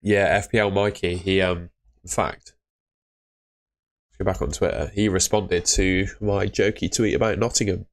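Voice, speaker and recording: Deep-voiced chatty man streaming. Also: steady tone, moderate pace. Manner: chatty, upbeat, talks to chat viewers by name. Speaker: livestream host. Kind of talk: casual live stream chat.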